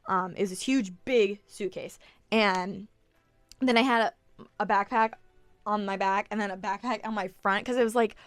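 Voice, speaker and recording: A woman's voice: medium pitch, fairly even intonation, normal speed, no room sound, faint music behind. A woman in her early twenties telling her travel story in a chatty, confessional way, full of "like" fillers and casual swearing, sometimes close to tears. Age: early 20s. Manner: emotional, close to tears at times. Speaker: travel vlogger.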